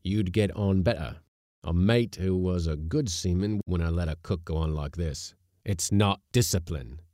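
A man voicing a pompous, touchy male schooner skipper in a storybook reading, gruff and stern. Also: deep voice, animated, moderate pace, dark tone, no room sound, clean studio sound.

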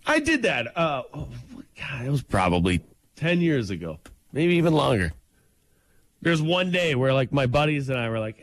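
A man co-hosting a radio morning show, bantering in a teasing, lively way. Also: medium pitch, moderate pace, no room sound. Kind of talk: casual chat.

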